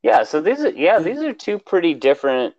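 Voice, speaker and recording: A man's voice: on the high side, sing-song, fairly quick, a little mellow, dull audio. A man co-hosting a podcast, chatting casually and rambling about music with lots of fillers. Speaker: podcast co-host.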